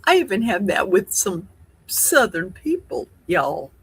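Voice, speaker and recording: Chatty husky woman hosting a livestream. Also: mid-range voice, unhurried. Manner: chatty, rambling, animated with gasps and laughs. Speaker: livestream host. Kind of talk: casual live Q&A chat. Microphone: livestream setup.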